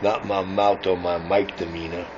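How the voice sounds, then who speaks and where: A man's voice: deep voice, flat delivery, normal speed. A man who runs a radio shop, boasting and taunting rivals over CB radio in a brash, self-important way. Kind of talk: CB radio banter. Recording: muffled CB radio audio with faint hiss.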